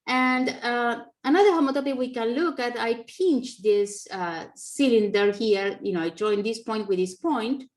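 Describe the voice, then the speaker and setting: A woman's voice: fairly high pitch, a little slow, hardly any pauses. A woman giving a mathematics lecture over a video call, explaining in a conversational, self-correcting way with non-native phrasing and frequent fillers. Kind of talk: online conference math talk.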